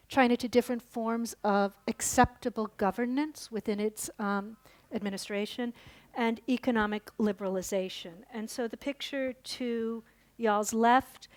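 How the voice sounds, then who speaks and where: A woman giving a conference lecture, telling a story and then explaining it, with fillers and restarts. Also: a little high. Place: lecture hall.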